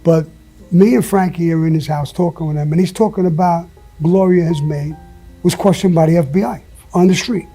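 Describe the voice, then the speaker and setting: An interview guest with a high-leaning, mellow voice talks a little fast while faint music plays. He tells blunt stories laced with profanity, leaning hard on emphasis and laughing now and again mid-story.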